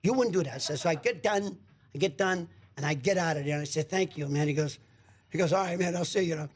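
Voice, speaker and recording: A guest in a radio studio tells a long story in a storytelling chat, animatedly acting out the voices and quotes of the people in it and repeating words. His voice is on the high side, brisk, and husky.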